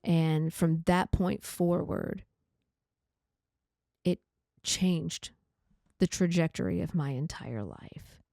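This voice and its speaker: A podcast host telling her own story, candid and halting, with many pauses and fillers. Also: fairly low pitch, gravelly, warm tone, no echo, clean studio sound. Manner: candid, halting, reflective, says like often. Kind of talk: personal storytelling.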